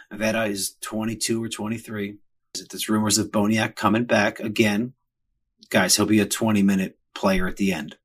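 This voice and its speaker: Husky middle-aged man ranting. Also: lowish voice, a bit bright. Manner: crude, joking, rambling. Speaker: podcast host. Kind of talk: casual comedic rant.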